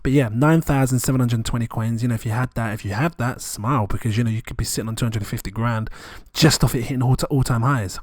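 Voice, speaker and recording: A man, rambling excitedly and chuckling often as he talks through numbers in a casual vlog. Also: medium pitch, fast, hardly any pauses, dry recording, clean studio sound. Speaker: crypto vlogger.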